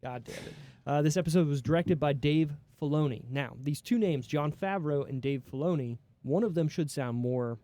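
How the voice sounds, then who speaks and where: A man hosting a casual TV review podcast, animated and swearing casually as he talks. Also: fairly high pitch, normal speed, few pauses. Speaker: podcast host.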